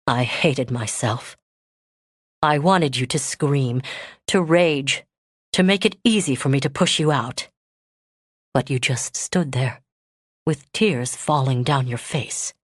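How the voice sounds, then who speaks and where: A woman voicing a man in a romance audiobook, who pours out a long-held love in a low, strained, earnest tone. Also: animated, measured pace, no echo, studio quality.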